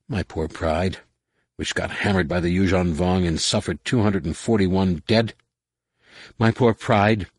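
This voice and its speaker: Brief: drunk, bitter alien woman captain, booming and taunting, husky voice, as a man puts her on. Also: dry recording, studio quality, lightly acted. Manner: slurred, taunting, loud.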